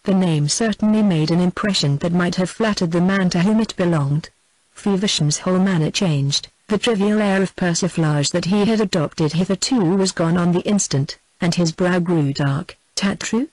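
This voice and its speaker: An audiobook narrator reading a historical novel in a steady, measured way. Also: mid-range voice, dry recording, rough recording.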